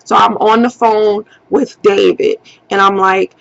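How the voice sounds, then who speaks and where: A young woman vlogger telling a personal story in a casual, animated way, heavy on profanity and slang. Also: medium pitch, unhurried, gravelly, muffled recording.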